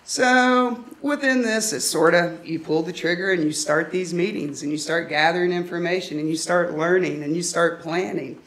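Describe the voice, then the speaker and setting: A woman's voice: lowish voice, moderate pace, few pauses. Woman telling a story on stage. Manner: humorous, anecdotal, lively storytelling. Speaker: conference presenter. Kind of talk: storytelling presentation. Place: conference room.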